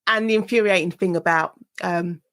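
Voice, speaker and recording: A woman hosting a podcast interview, expressive in her speech and quick to laugh. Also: on the low side. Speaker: podcast host. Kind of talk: conversational interview.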